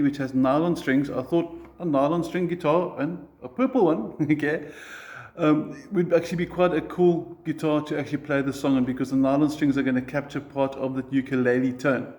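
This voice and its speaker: Male guitar tutor, patient and clear, counts along, slightly higher voice. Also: darkish tone. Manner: patient, counts beats aloud. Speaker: guitar teacher. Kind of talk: guitar lesson.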